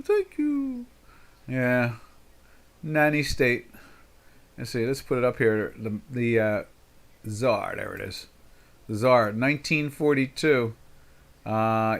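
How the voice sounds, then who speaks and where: Older guy in his 60s doing live trading commentary, bright punchy voice, rambles and gets sarcastic. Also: mid-range voice. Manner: rambling, folksy, sarcastic asides. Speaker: market commentator.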